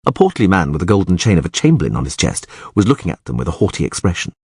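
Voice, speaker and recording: A man narrating an audiobook in a dramatic, highly expressive way. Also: very fast, breathy edge, dry recording, studio quality.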